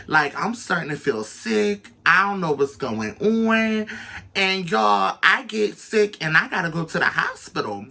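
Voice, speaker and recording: Slow, bright-voiced storytelling man. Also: sits high, vocal fry. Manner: animated, slangy, talks straight to viewers. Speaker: storytelling vlogger. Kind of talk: casual storytelling.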